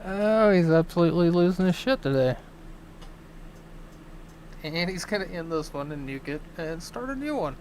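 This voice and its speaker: A man's voice: sits high, animated, normal speed, pauses often, a little mellow, slight background noise. A man hosting a reaction stream, making dry, mocking asides over a clip. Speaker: commentary host reacting to a clip. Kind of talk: sarcastic reaction commentary.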